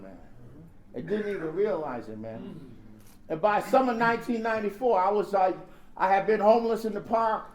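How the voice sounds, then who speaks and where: High-voiced man, animated comic storyteller, sharing at a recovery convention in a reverberant hall. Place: large convention hall with audience. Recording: echoey hall with audience laughing. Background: crowd laughing.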